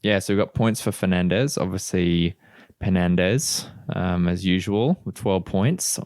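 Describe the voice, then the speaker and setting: A man's voice: low-pitched, measured pace, darkish tone, dry recording, clean studio sound. A man co-hosting a casual football podcast, laid-back and agreeable with some teasing. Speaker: podcast co-host. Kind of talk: casual chat.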